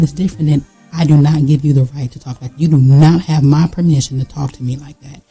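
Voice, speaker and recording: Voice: medium pitch, fairly even intonation, quick pace, mellow, breathy edge, faint music behind, low-quality recording. A vlogger giving a candid, blunt motivational talk straight to the viewer, in casual slangy speech full of fillers and repeats. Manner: emphatic, blunt and preachy, talking straight to the viewer.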